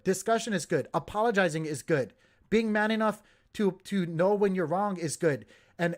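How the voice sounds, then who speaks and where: A man's voice: high voice, lively intonation, brisk. A man hosting a crypto livestream, talking in a heated, emphatic way and repeating himself as he gets worked up.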